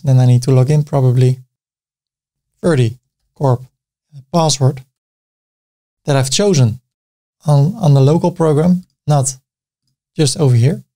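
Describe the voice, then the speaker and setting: This tutorial host, a native Dutch speaker with a Dutch accent, talks through a screen-recorded software demo click by click, adding casual comments along the way. His voice is fairly high and creaky.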